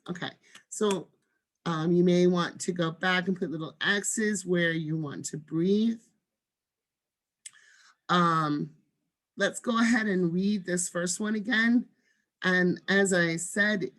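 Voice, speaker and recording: A woman teacher giving an online lesson on reading a text aloud, measured and demonstrating with marked pauses. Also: on the low side.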